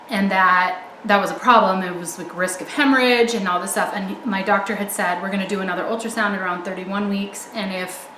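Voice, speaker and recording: A woman's voice: mid-range voice, a bit bright, roomy sound, a little hiss or hum, poor audio. A young woman vlogger chatting to camera, out of breath, rambling with lots of ums and likes. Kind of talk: casual chat to camera.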